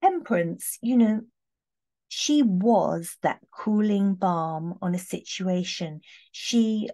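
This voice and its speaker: A woman chatting warmly through a tarot reading, heartfelt, with many fillers and restarts. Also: mid-range voice, lively intonation, slow pace. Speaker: tarot reader. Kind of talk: casual tarot reading talk.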